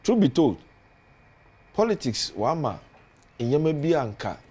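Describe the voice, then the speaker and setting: A man's voice: on the high side, sing-song, takes it slowly, mellow, breathy edge. A man with a Ghanaian accent, a politician guest on a studio talk show, speaking earnestly and building emphasis as he lists points.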